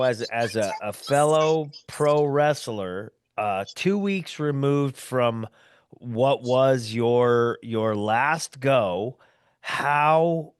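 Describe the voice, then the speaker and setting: A male interviewer asks his questions slowly and haltingly, often stopping to find the right words. His tone is smooth and clear. The sound is dry. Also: mid-range voice, dry recording. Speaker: host, pro wrestler. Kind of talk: casual interview.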